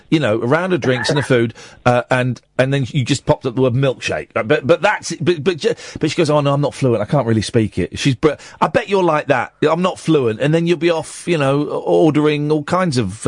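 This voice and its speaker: A man's voice: medium pitch, dry recording, clean studio sound. A man hosting a late-night radio talk show, rambling with many fillers and restarts. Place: radio studio. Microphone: studio microphone.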